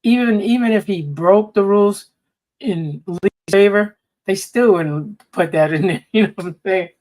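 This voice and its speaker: A man in a casual panel chat, rambling through stories with quick asides. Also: high-pitched, darkish tone, poor audio. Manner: rambling storyteller, retelling funny videos with quick asides. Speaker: panel guest.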